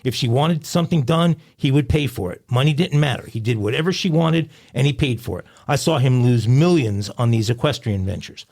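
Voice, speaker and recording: A man reads a true-crime news story aloud for a podcast, his voice carrying a gravelly edge. He keeps a steady storytelling pace and drops in wry asides. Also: medium pitch, a little fast, few pauses. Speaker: podcast co-host.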